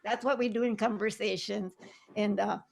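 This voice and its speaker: On a casual video call, an older playwright and actress from Southern Arizona reminisces, chatty and quick to laugh, dropping Spanish phrases into her English. Her voice is medium-pitched with fairly even intonation and some vocal fry.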